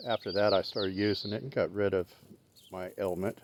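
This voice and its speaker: A man's voice: low voice, fairly even intonation, a little fast, noisy background. A middle-aged man rambling in a casual vlog while out walking his dog, opinionated and plain-spoken. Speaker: vlogger.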